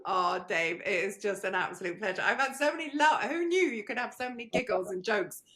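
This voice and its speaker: A woman's voice: mid-range voice, expressive, fairly quick, fairly bright tone. A woman hosting a podcast, chatty and encouraging, laughing easily with her guest. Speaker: podcast host. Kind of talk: casual interview chat.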